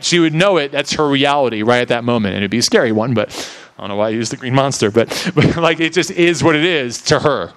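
Smooth-voiced earnest man preaching. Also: a little high, fairly bright tone. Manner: earnest, reflective, halting with frequent restarts. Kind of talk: devotional Bible teaching with spoken prayer.

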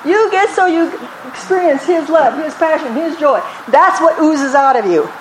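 Woman preacher, high voice, lively sermon delivery, faint background noise. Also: moderate pace. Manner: lively, calls on the congregation to repeat.

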